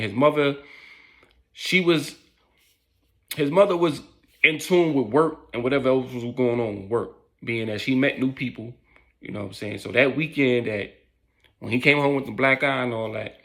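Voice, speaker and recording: A man's voice: medium pitch, normal speed, long pauses, fairly bright tone. A man casually telling a story in loose street slang, with lots of fillers.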